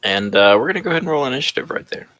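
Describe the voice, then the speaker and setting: A woman running a tabletop game as game master, narrating in a relaxed, casual way. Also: a bass voice, racing.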